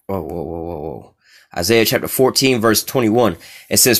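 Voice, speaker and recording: A man with a somewhat low voice leads an informal scripture lesson. He reads verses aloud in an unhurried way, then explains them in blunt, casual street talk. His delivery is full of fillers and checks in with the listener again and again. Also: expressive. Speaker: scripture teacher.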